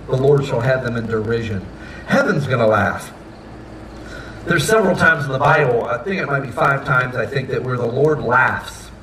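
High-voiced man preaching in an echoey room. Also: recorded from a distance, slight background noise. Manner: animated preaching, shifting between quiet asides and loud emphasis. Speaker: pastor. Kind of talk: sermon. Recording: echoey room, voice off-mic with faint ambience.

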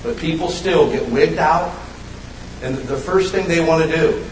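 A man in his fifties preaching a sermon as pastor, folksy and animated, with sudden shouted bursts. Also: a little high, measured pace, a little hiss or hum. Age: 50s. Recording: echoey room, voice from a distance.

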